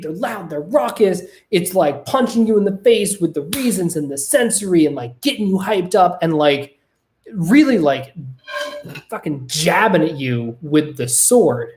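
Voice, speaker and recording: Seated at a home desk, a podcast host with a mid-range voice talks animatedly and casually on camera, swearing freely and repeatedly asking "right?".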